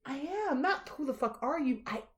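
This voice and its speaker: A woman hosting a casual podcast, talking in an expressive, emphatic way and swearing freely. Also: high voice, fairly quick. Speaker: podcast host. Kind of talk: casual chat.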